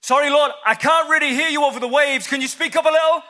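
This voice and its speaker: A man's voice: extremely high pitch, fairly quick, bright, forceful tone, voice pushed up. A man voicing an anxious male disciple who keeps stalling and begging for confirmation, in a comic, pleading manner. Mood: nervous pleading. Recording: long hall reverb.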